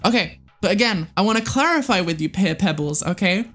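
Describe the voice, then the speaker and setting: A livestreamer in casual gameplay commentary, excitable and swearing often while talking to the game and chat. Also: mid-range voice, a little fast, faint music behind. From United States.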